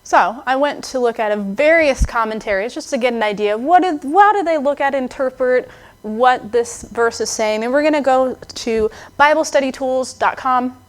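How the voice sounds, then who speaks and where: A young adult woman preaching a sermon in a conversational, expressive way, acting out the voices she quotes. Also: sits high, normal speed.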